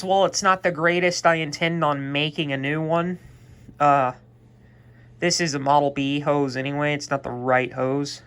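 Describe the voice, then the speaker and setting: Bright-voiced man showing off a vacuum. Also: mid-range voice, clear, resonant tone. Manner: rambling, offhand, with fillers and restarts. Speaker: vacuum restorer. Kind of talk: casual show-and-tell narration.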